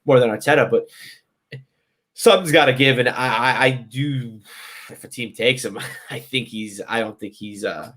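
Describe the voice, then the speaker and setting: A man's voice: mid-range voice, moderate pace, a bit bright. A man guesting on a football podcast, talking in a loose, rambling way with lots of "you know". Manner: rambling, full of fillers and restarts, easygoing. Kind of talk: casual football chat.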